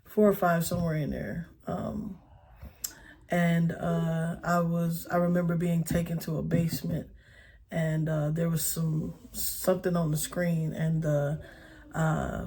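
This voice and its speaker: A woman in her thirties giving a personal testimony, speaking haltingly with many pauses and fillers. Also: sits low, fairly even intonation, dark tone, slight background noise. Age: 30s.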